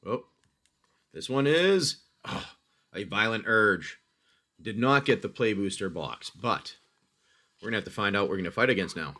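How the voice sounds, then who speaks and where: A man's voice: lowish voice, lively intonation, normal speed, long pauses. A man hosting a livestream, narrating a dice-rolled adventure game for a player he calls his friend and reacting to each roll. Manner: chatty, addresses the player as "my friend"; talks through dice rolls, reacts loudly to hits.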